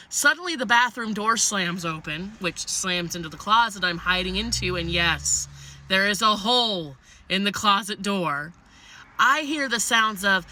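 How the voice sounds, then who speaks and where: A woman telling a comic personal story in an animated, blunt way, swearing freely. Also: medium pitch, moderate pace, dry recording.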